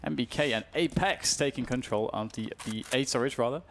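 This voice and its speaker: A man's voice: medium pitch, creaky, slight background noise. British man calling esports play-by-play. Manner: measured, surging to excited yells on big plays. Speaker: esports commentator. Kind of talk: live play-by-play commentary.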